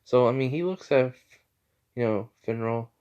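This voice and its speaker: A man's voice: medium pitch, moderate pace, a little mellow, clean tone. A sleepy man improvising fan-fiction narration late at night, rambling with lots of fillers. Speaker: storyteller. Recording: slightly muffled lo-fi audio.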